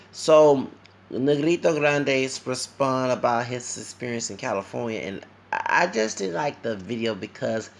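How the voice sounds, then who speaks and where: A tired man from Louisiana with a Louisiana accent, talking fast and rambling in an opinionated livestream monologue. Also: medium pitch, creaky, a little hiss or hum. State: tired, sleepy. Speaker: vlogger.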